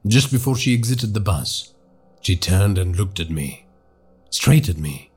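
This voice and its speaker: A man narrating a horror story for a podcast in a hushed, dramatic storytelling manner. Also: low-pitched, big pitch swings, a little slow, husky, faint music behind.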